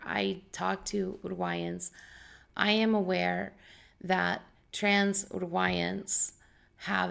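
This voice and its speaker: A woman's voice: medium pitch, creaky, a bit bright. A young adult woman, an English teacher, talking casually to her vlog audience with a scratchy voice and lots of fillers and disclaimers. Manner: chatty, full of disclaimers and fillers. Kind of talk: casual explanatory vlog talk.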